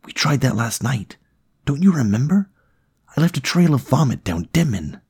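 A man voicing a tormented, short-tempered young man, speaking tensely and irritably, his voice pushed higher. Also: animated, moderate pace, breathy edge. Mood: tense, irritable.

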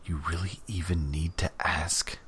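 A man's voice: low-pitched, flat delivery, a little slow, fairly bright tone, slightly rough, heavily acted. A man voicing a cocky, irritated young man in an audiobook.

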